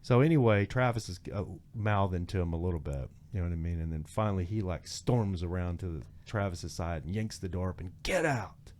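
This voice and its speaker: A man's voice: deep voice, a little fast, hardly any pauses, slight background noise. A man who is a podcast guest, telling a story in casual talk and acting out the voices of the people in it. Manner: animated, acts out voices in the story. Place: studio.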